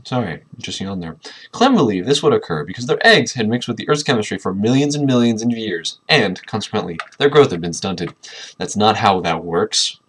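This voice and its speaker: A man with a low, slightly husky voice reads a book aloud in a casual, unpolished way. He keeps stopping to poke fun at the text with dry, sarcastic remarks. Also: sing-song, moderate pace, a bit bright. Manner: sarcastic, mocking asides. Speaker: reader commenting on a book. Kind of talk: casual dramatic reading with commentary.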